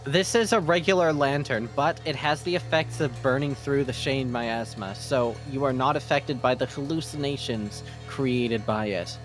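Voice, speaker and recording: A man narrating calmly as dungeon master, describing scenes with easy fillers. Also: mid-range voice, normal speed, hardly any pauses, music in the background. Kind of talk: narrating a tabletop game.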